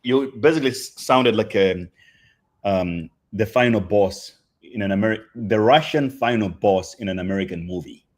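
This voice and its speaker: A man's voice: on the low side, normal speed. A man hosting a livestream show, chatting in a hyped, slangy way. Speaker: show host. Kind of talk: casual livestream chat.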